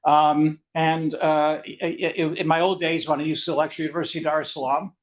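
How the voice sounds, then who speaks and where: An older man with a Canadian accent giving an academic seminar lecture in a fast, rambling, conversational way. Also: fairly high pitch, little pitch movement, rough recording. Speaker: guest lecturer.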